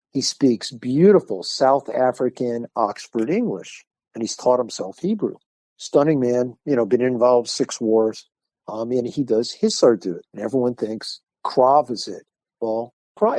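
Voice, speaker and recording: An older man, a martial arts instructor, telling lively stories in a podcast interview and acting out the people he quotes. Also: medium pitch, no room sound. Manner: animated storyteller acting out quoted voices.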